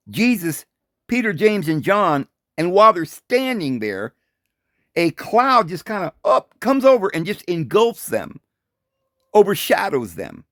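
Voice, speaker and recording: A man giving an informal Bible commentary, animated and full of rhetorical questions and short chuckles. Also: on the high side, no echo, clean studio sound. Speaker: Bible teacher.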